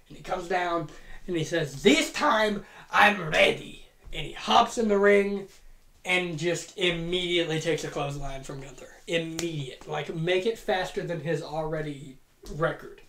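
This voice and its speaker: A host talks through a make-believe wrestling card in a loose, rambling way, cracking jokes, swearing and poking fun at themselves. The voice sits at a middling pitch, and the room around it is roomy and echoing. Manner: rambling, joking, profane, self-deprecating. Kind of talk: casual fantasy booking narration. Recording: roomy echo.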